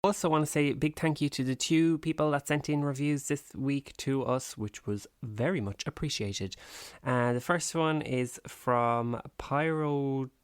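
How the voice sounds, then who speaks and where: A man's voice: medium pitch, steady tone, unhurried, clean tone, no room sound, clean studio sound. A man co-hosting a podcast, teasing and sarcastic in casual banter. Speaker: podcast co-host.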